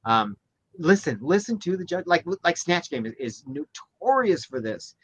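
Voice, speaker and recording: With slight background noise and a moderate pace, a man co-hosts a casual chat show. His animated talk includes high-voiced impressions of quotes and many restarts.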